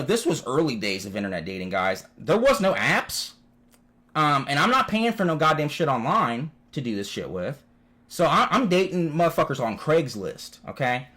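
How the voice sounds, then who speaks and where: A man vlogging from home, telling rambling stories full of swearing and constant "dude"s. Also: fairly high pitch. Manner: animated, swears constantly, says "dude" often. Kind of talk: profane casual storytelling.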